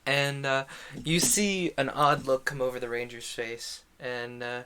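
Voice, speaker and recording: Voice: medium pitch, steady tone, a little slow, sharp tone, clean tone. A game master narrating a tabletop game in a rambling, playful way with many fillers. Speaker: dungeon master.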